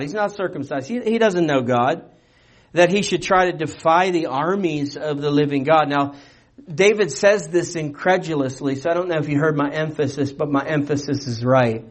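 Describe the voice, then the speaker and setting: A man preaching a sermon, animated and conversational, with rhetorical questions and playful asides. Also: a little high, moderate pace. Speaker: pastor.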